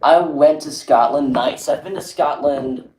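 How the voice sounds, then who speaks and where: A man's voice: fairly high pitch, measured pace, a little mellow, slight background noise. A young man chatting casually on a livestream, rambling and reading viewers' messages aloud. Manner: rambling, reads chat aloud, lots of "like". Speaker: streamer. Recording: echoey room.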